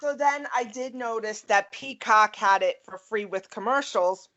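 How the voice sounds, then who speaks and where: Animated Queens-accented woman host. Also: on the high side, unhurried, highs cut off. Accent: Queens, Long Island. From New York. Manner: animated, laughing, rants. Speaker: podcast co-host. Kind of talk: casual chat.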